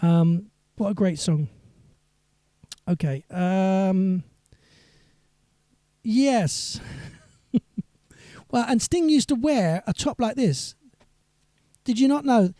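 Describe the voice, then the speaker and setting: A man's voice: high voice, animated, extremely slow, long pauses, dark tone, dry recording, clean studio sound. A singer-songwriter man chatting on a live stream between songs, rambling and reading viewer comments aloud.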